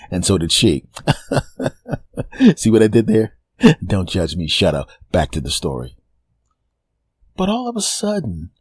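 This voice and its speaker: Animated comedic man with a husky voice. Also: dry recording. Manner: animated, drops low for asides, acts out quotes. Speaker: comedian and podcast host. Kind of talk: comic storytelling monologue.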